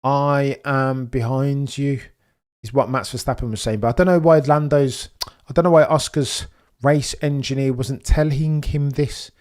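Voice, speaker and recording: A young man hosting a live race watch-along stream, chatting with viewers and reacting excitedly as the race unfolds. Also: mid-range voice, unhurried. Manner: excitable, chatty, reads chat messages, swings from muttering to excited shouting.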